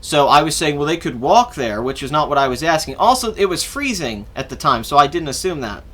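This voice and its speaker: High, bright-voiced man telling a rambling story. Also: big pitch swings, brisk. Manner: rambling, swears freely, acts out quotes. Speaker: podcast host. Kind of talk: casual storytelling.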